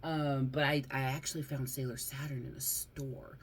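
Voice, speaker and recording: A woman with a Southern accent, talking casually on her vlog about her figure collection, chatty, prone to rants and quick to laugh. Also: very deep voice, flat delivery, slight background noise. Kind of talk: casual chat.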